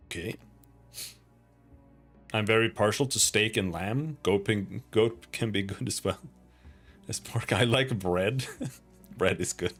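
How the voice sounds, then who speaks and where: Swedish-accented young male streamer, low voice, rambling casual chat with soft game music behind. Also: slow, pauses often. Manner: chatty and rambling, casual swearing. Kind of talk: casual gaming livestream chat.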